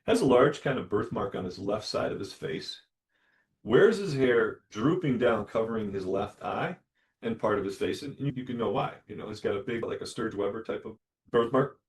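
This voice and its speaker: Male dentist host, low-ish voice, animated solo storyteller who voices the people in his tale. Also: moderate pace. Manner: animated, acts out dialogue in lively voices.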